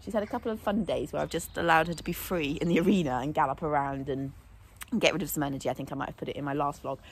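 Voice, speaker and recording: A woman's voice: low voice, very fast, a little hiss or hum. A young woman, a horse vlogger, chatting casually to camera in a rambling, laughing way at a stable yard.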